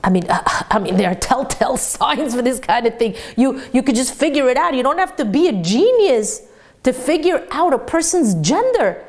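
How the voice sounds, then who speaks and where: A woman teacher giving a sermon-style Torah lesson, telling stories lively and laughing along the way. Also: sits high, moderate pace.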